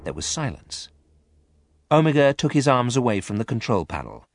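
Expressive man reading a story. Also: mid-range voice, moderate pace, background noise. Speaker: narrator. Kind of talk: scripted story narration.

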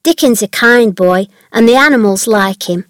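A cheerful, chatty young servant girl, as a woman reader puts her on, talking in a higher, louder and brighter voice than the narration. She sounds brisk and kind, like a friendly maid in a storybook. The recording is dry and close. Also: dry recording, close to an everyday voice.

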